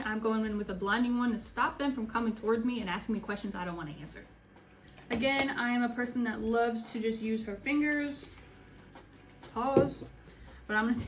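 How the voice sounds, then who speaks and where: A young woman with a fairly high voice narrates a makeup tutorial, casual and sassy, tossing in joking asides as a beauty vlogger. There's a slight hiss or hum in the recording.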